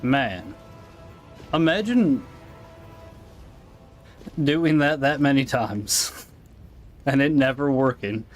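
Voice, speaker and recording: A man's voice: mid-range voice, lively intonation, drawn-out words, long pauses. American man, game streamer, rambling casual chat, faint music underneath. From United States. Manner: rambling, reacting to chat with asides. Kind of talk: casual live-stream chat while gaming.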